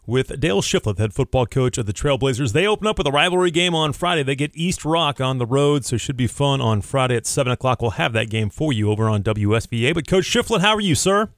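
A man's voice: mid-range voice, expressive, quick pace, hardly any pauses, dry recording, studio quality. A man hosting a radio sports interview, asking questions in a friendly, upbeat way with some fillers.

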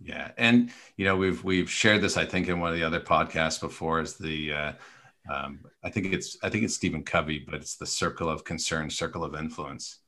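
A man's voice: rumbling low, moderate pace, sharp tone. A man co-hosting a podcast, talking in an earnest, coaching way with many fillers and restarts. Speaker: podcast co-host. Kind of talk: casual conversational podcast talk.

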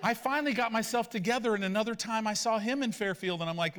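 A man in his forties, a pastor, preaching with animated personal stories and rhetorical questions. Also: high-pitched, quick pace, hardly any pauses, clean tone.

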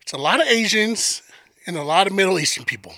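Animated, profane man telling a story. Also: high-pitched, fast, creaky, no echo. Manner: animated, profane, acts out voices in his stories. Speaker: storyteller on a podcast. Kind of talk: profane comic storytelling chat.

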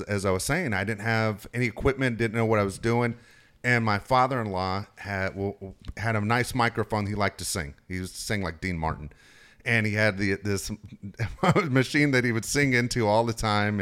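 A middle-aged man telling stories in a casual, profane chat, acting out what people said. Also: fairly low pitch. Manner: profane, animated, acts out quotes. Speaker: sports reporter guest.

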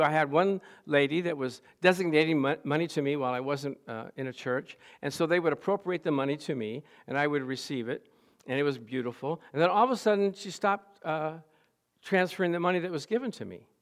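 A male pastor with a fairly high voice delivers a lively sermon. He tells stories, laughs along the way, and swells into loud exclamations on the key lines. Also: normal speed. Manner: animated storytelling with laughs, rising to loud exclamations.

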